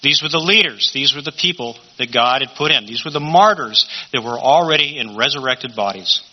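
A man's voice: mid-range voice, lively intonation, brisk. A man teaching a Bible study in a conversational sermon style, often asking rhetorical questions. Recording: dull lo-fi recording.

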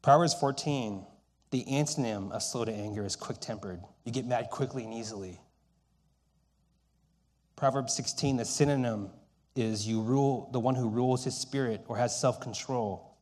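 A middle-aged man delivers a sermon with a storyteller's manner. He swings between raised, emphatic stretches and soft, hushed lines. His voice sits at an ordinary middle pitch. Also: normal speed. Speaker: pastor.

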